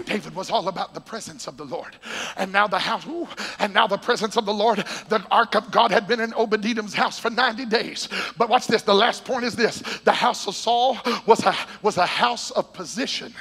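A male preacher delivering an excitable sermon in a church sanctuary, often shouting and breaking into laughter. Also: sits high, fairly quick, vocal fry, long reverb tail, music in the background. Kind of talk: Pentecostal sermon.

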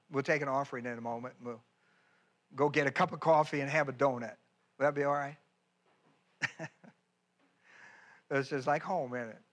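A man's voice: mid-range voice, fairly even intonation, moderate pace, pauses often, a bit bright. A man preaching a sermon as pastor, folksy and emphatic, with chatty asides and repeated phrases. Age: older.

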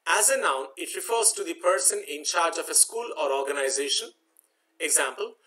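A man teaches a vocabulary lesson. His voice is bright and forward, a shade higher than most men's. He spells each word letter by letter and keeps checking in with "okay" as he repeats points. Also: low-quality recording. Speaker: English teacher. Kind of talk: exam-prep vocabulary lesson.

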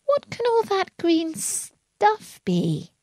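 A woman's voice: high-pitched, sing-song, normal speed, dry recording, studio quality, voice pushed up. A woman voicing a bewildered, polite young girl in a storybook reading, earnest and anxious. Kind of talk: storybook read-aloud.

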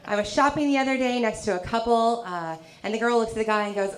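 A woman from the South, performing a stand-up comedy set with a dry, teasing delivery and quick punchlines. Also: a little high. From American South. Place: comedy club stage. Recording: live club with loud crowd laughter. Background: audience laughter.

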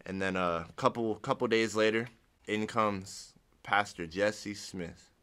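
A man's voice: lowish voice, slow pace, a bit bright, clear, resonant tone. A young man from Ohio sharing his personal testimony in a casual, rambling way, restarting sentences and acting out what he once said. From Ohio, United States. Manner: rambling, restarts sentences, acts out his own past words.

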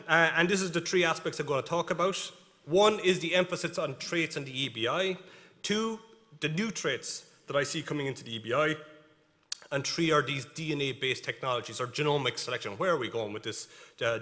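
A man's voice: a little high, brisk, bright, forceful tone. Irish man lecturing in a hall. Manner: emphatic, challenging, explains step by step. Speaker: animal geneticist giving a conference talk. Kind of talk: conference presentation with slides. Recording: reverberant hall.

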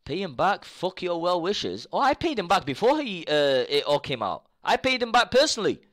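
A young live streamer rants at his chat at normal speed, his pitch swinging widely. He swears freely, repeats himself, and shifts between low mutters and loud eruptions.

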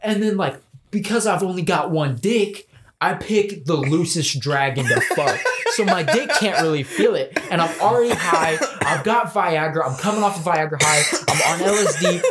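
A man's voice: fairly high pitch, lively intonation, moderate pace. A man hosting a podcast, telling a crude, escalating comic story in a rambling way and often laughing mid-sentence. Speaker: podcast host. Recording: loud background noise.

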